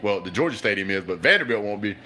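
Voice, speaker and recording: Excitable man reacting live. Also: fairly low pitch, quick pace, a little hiss or hum. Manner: excitable, shouting at plays, chatty with viewers. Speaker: live stream host reacting to football.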